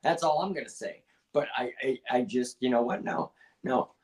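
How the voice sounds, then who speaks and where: A man's voice: medium pitch, brisk, darkish tone. A man co-hosting a casual fight review podcast, blunt and profane, restarting his sentences often. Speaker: podcast co-host, artist.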